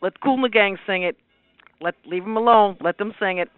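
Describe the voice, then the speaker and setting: A woman's voice: medium pitch, a little fast. A woman answering the phone at a truck stop, baffled and dismissive toward the caller. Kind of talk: phone customer service. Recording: tinny phone line with faint music.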